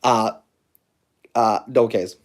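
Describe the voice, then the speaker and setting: A man's voice: fairly low pitch, fairly even intonation, takes it slowly. A man with a Welsh accent chatting casually on a phone livestream from home, rambling and joking at his own expense. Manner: rambling, self-mocking and jokey. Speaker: book reviewer livestreaming.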